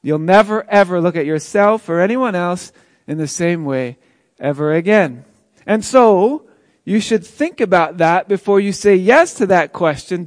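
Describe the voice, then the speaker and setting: An earnest, joyful man who was once paralyzed recounts his healing, as a man acts it out in a dramatic monologue. He tells the story in a fairly high voice and chuckles as he goes. The sound is dry and close, with no room echo. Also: darkish tone, lightly acted. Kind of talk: first-person dramatic monologue.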